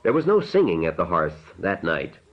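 A man reading an audiobook narration in a measured, unhurried way. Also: low voice, huge pitch swings, dull audio.

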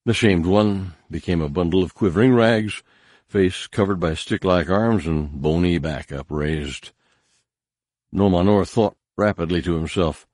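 A man narrating a story in measured scripted narration, giving harsh commanding voices to the characters. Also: sits low, a little mellow, dry recording, clean studio sound. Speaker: audiobook narrator.

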